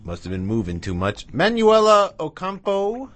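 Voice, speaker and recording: A man's voice: high voice, wildly swooping pitch, moderate pace. A man hosting a radio music show, back-announcing tracks in a chatty, rambling, self-mocking way with asides to his dog. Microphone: studio mic with headphones.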